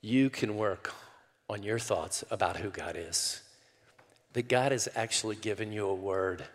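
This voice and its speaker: An older man preaching a sermon, folksy and calling the crowd y'all, rising loudly when he quotes scripture. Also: lowish voice, measured pace. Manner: preaching with sudden loud rises to quoted scripture. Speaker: pastor. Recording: long hall reverb.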